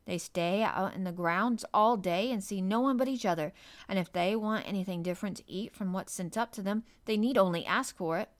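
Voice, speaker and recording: A woman's voice: medium pitch, brisk, close to an everyday voice. Woman doing a fussy housekeeper, indignant, complaining, storybook. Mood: firm.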